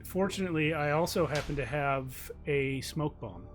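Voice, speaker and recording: A man player in a tabletop game, calmly describing his character's actions. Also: a little high, normal speed, faint music behind.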